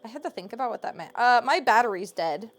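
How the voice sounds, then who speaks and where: Streaming from a room at home, a woman talks into her desk mic with a high, expressive voice at a quick pace. She chats casually with her viewers, teasing them playfully and laughing often.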